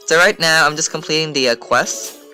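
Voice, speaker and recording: A man's voice: a little high, fairly quick, sharp tone, soft background music. A man casually commentating over his gameplay video, rambling and full of fillers. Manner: rambling, filler-heavy, chatty. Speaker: gaming channel host.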